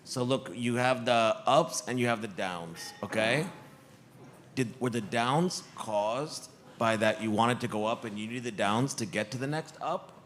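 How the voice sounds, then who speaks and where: A man's voice: mid-range voice, a little slow, fairly bright tone, slight background noise. A man asking a speaker questions from the floor at a conference, laid-back and saying "dude". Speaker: audience questioner. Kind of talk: casual question from the audience. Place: conference hall.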